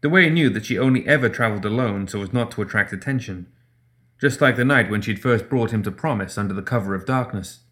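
A man narrates a story with a steady, measured delivery. His voice sits a bit lower than most. He reads each line at an even, composed pace. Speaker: audiobook narrator.

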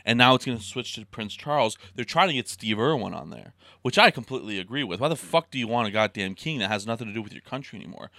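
Animated, swearing young man. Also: mid-range voice, fast, no room sound, studio quality. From Idaho. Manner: profane, ranting, animated. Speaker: podcast co-host. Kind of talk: casual chat.

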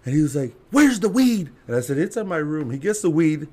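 A man's voice: fairly high pitch, lively intonation, fast talker, dark tone. A man telling a story as a podcast guest in casual chat, laughing and swearing as he acts out the people in it. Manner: laughing, profane, acts out quotes.

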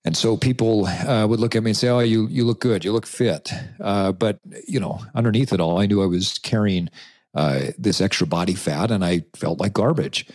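A middle-aged man telling his own story as a podcast guest, relaxed and rambling, with frequent filler sounds. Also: deep voice, normal speed, no echo, clean studio sound. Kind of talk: casual storytelling interview.

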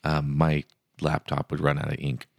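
A man's voice: rumbling low, monotone, normal speed, creaky, dry recording. A man co-hosting a podcast in casual chat, tossing in short dry wisecracks. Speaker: podcast co-host.

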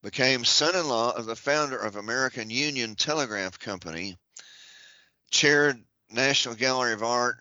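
A man's voice: medium pitch, normal speed, bright, forceful tone, no room sound, highs cut off. A man on a podcast reading out a long list of titles and offices, breaking it up with dry joking asides. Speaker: podcast guest.

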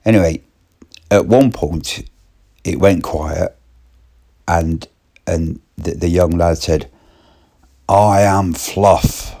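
A man's voice: low-pitched, slow pace, creaky, pauses often, warm tone. A man telling an anecdote in a casual, rambling monologue with repeated restarts. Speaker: storyteller.

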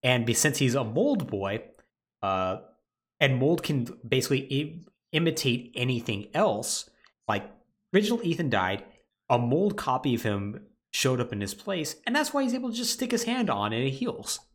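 Animated man recapping a story. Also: medium pitch, moderate pace. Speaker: podcast co-host. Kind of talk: casual podcast chat.

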